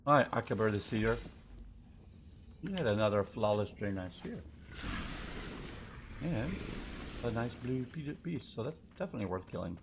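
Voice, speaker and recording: A male streamer talks through his game session in an easy, wandering way. His pitch swings up and down as he chats, and a faint hiss sits under his voice. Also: expressive, moderate pace, pauses often. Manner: chatty, rambling, thinks aloud. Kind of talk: live gameplay commentary.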